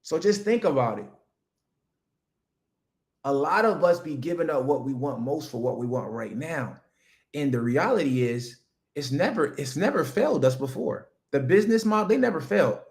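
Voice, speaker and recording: Here a livestream host and business coach speaks with a somewhat high, animated voice that has a darkish tone, moving at a normal pace. Addressing his chat directly, he launches into a forceful, foul-mouthed pep talk about business.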